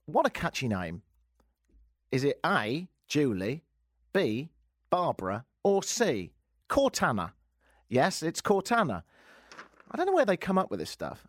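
A man hosting a talk radio show, ranting sarcastically with lively asides from a studio microphone. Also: medium pitch, no room sound. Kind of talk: opinionated talk radio monologue.

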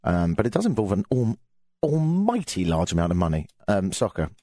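A man's voice: fairly low pitch, wildly swooping pitch, brisk, warm tone, no room sound, studio quality. An English man hosting a live radio show, chatting casually with a sardonic, jokey tone and lots of fillers. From England. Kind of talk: casual comedic radio monologue.

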